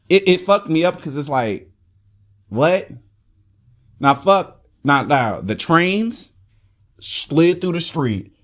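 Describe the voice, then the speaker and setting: A man reviewing a movie in casual chat, excitable and rambling, with lots of swearing. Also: medium pitch.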